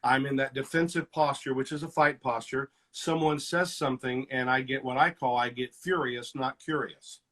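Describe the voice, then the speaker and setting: A middle-aged male counselor talks through relationship conflict, slipping into little performances of what people say to each other. His voice is husky and sits at an ordinary pitch for a man. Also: normal speed, hardly any pauses. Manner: animated, acts out quoted lines with shifts in loudness. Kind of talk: teaching conversation.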